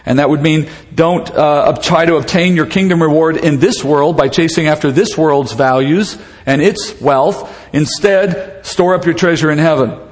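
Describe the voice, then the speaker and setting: A man teaching verse by verse from the Bible, conversational and animated, acting out the dialogue with humor. His voice sits a little high. It rings with the long reverb of a large hall. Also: moderate pace, hardly any pauses.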